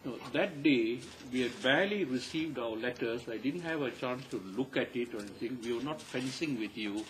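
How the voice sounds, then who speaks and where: An older man with a Malaysian English accent, giving a measured, emphatic statement to the press and repeating his key points. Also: medium pitch, slight background noise, low-quality recording. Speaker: panel member addressing the press.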